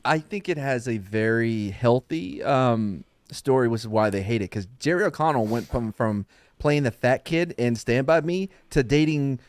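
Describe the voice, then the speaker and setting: A man's voice: medium pitch, lively intonation, moderate pace, smooth, dry recording. Man trading dry quips on a podcast. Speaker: podcast panelist. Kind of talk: casual panel chat.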